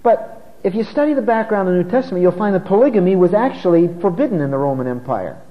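A man with a high, expressive voice gives an expository sermon, pausing his pace to stress key words. The sound is muffled, recorded in a large church hall.

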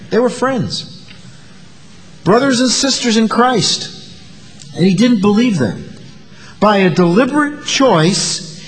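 A man's voice: sits high, big-room sound. A man preaching a sermon in a dramatic way, acting out the voices of the people in his story. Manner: dramatic, acts out voices of the disciples and doubters.

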